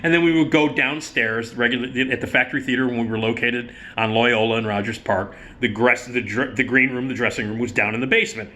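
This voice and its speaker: Dude telling a crude theater story, bright voice, mid pitch, laughing a lot. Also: male voice, fairly quick, hardly any pauses. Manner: profane, animated, laughing storyteller. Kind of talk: casual anecdote telling.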